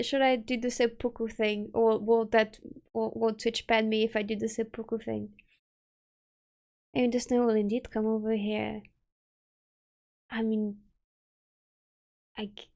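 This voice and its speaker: Her voice is slightly high and gravelly, level in tone, unhurried, with long pauses. She's live streaming at home into a desk mic, giggling a lot and casually reading out chat messages.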